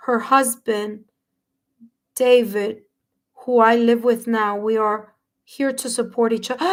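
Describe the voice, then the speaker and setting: A woman with a somewhat high voice hosts a live tarot reading. She talks in a slow, drawn-out way, yet she gushes and gasps as she responds to her viewers. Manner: effusive, gasps often, exclaims over viewer replies. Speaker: tarot reader hosting a live stream. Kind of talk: live-stream chat, reading viewer comments aloud.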